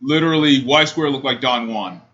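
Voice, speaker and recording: A man co-hosting a podcast, telling a story in a casual, animated way and imitating the people in it. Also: medium pitch, normal speed. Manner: animated, mimics people in quoted voices. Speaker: podcast co-host. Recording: dull lo-fi audio with faint hiss.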